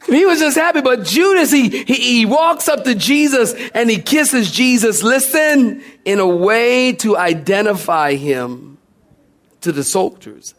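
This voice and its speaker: A man's voice: very high voice, animated, a little slow, a bit bright, some chatter behind. A man delivering a sermon to a congregation. He tells stories with humor and keeps asking the listeners questions. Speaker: pastor. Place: church before a congregation.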